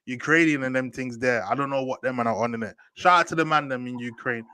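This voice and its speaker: A young man hosting a casual football chat, slangy and animated, often asking "do you get me". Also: mid-range voice, fast, clear, resonant tone, dry recording. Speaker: host.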